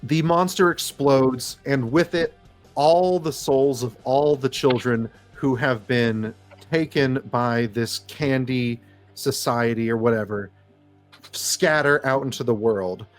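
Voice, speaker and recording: A man running a comedy tabletop game as game master, narrating with lively energy, swearing and laughing. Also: medium pitch, slow, soft background music.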